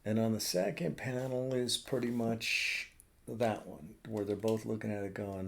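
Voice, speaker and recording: Gravelly middle-aged man rambling profanely. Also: fairly low pitch, fairly even intonation, normal speed. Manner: rambling and profane, lots of fillers. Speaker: cartoonist streamer. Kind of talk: casual live-stream chat. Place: home drawing room.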